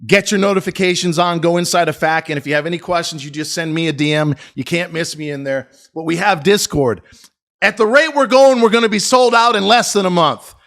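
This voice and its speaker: A high-pitched American man hosts his own stock trading channel. He is brash and boastful, swears freely and talks in a casual, excitable run of market commentary. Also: a little fast. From United States.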